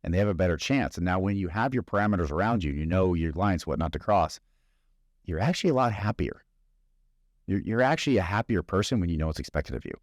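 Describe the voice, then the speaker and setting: A man's voice: sits low, lively intonation, fast, no echo, studio quality. A man hosting a podcast, giving a conversational motivational business talk full of stories and rhetorical questions. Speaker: podcast host.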